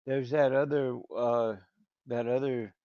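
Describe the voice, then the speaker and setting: A man's voice: medium pitch, steady tone, slow, smooth, dry recording. A middle-aged man, a day trader, chatting casually and hesitantly with friends over a call. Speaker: day trader on a group stream. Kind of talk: casual banter. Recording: dull lo-fi call audio.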